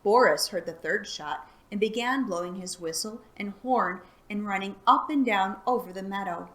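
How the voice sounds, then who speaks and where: A woman reading a children's chapter book aloud for a library storytime, calm and soft-spoken. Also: mid-range voice, moderate pace.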